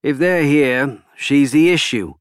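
A man's voice: a little high, slow, smooth, no room sound, studio quality, voice pushed up. A man voicing a scheming, rotund male prime minister who talks with intensity and insistence. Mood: insistent.

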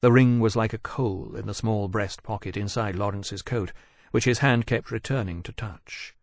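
Man, audiobook narration, low voice, measured, dry studio sound. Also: vocal fry, no room sound.

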